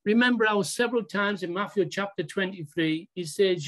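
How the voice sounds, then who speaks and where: Slow, emphatic preacher. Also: mid-range voice, a bit bright. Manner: deliberate, emphatic, with rhetorical questions. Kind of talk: sermon.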